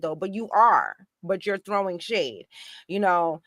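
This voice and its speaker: Casting: indignant woman, mid pitch, talks in bursts, dry close mic. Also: normal speed, no room sound. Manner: animated, indignant, many restarts. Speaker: guest activist. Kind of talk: casual political discussion.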